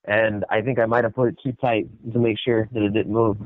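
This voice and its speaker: A man's voice: lowish voice, little pitch movement, brisk, no echo. A man hosting a podcast in casual chat, swearing often and acting out quotes in a raised voice. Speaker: podcast host. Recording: dry, tinny phone-like sound.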